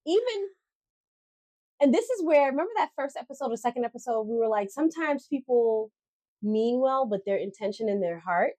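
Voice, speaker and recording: Woman podcast host, higher voice, dry sound. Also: expressive, moderate pace, dark tone, no echo. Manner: reads passages aloud then explains them, teasing. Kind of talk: casual chat.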